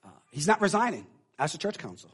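Husky-voiced preaching pastor. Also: male voice, high-pitched, sing-song, quick pace. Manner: emotional, swings from hushed confiding to loud preaching. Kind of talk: sermon. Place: church.

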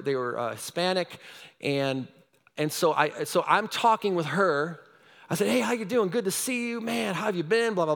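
Man, pastor, storytelling sermon, high voice, animated, loud and quiet swings, long hall reverb.

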